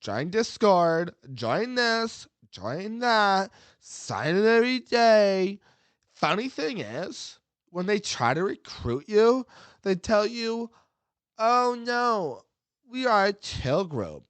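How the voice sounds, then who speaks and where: A man reading a forum post in a put-on Valley Girl voice, drawn-out and sing-song. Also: sits high, very animated, a bit bright, clear, resonant tone, no echo, pitched above the performer's own voice, exaggerated voice. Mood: whiny. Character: whiny young Valley Girl forum poster.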